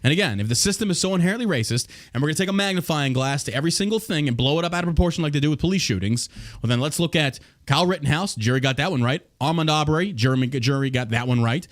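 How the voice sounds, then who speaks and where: A man's voice: fairly high pitch, expressive, very fast. Profane, heated podcast host, a man. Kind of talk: casual podcast rant.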